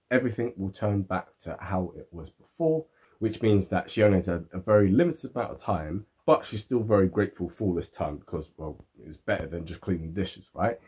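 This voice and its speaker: Husky man reviewing a film. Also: on the low side, darkish tone. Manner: rambling, filler-heavy, seeks agreement.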